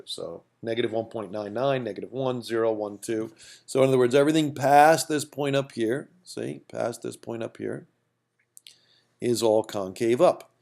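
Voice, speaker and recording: A man's voice: mid-range voice, gravelly, darkish tone. A man teaching a calculus lesson at a whiteboard in a casual way, repeating phrases and checking in with "okay?" and "right?". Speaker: math teacher.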